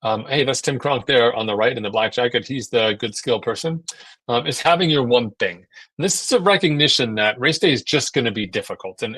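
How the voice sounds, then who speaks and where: A man's voice: mid-range voice, fairly bright tone, dry recording. Man talking through a seminar, dry close sound. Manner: conversational, many fillers and repeated words; acts out voices in quoted asides. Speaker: endurance coach presenting a seminar. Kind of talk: casual seminar talk.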